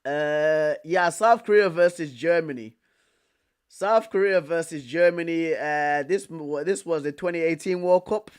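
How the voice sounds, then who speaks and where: A man's voice: fairly high pitch, a little slow, clear, resonant tone. A young man, chatting casually as a streamer reacting to his chat, full of slang and repeating himself. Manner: slangy, excitable, repeats himself with bro and fam.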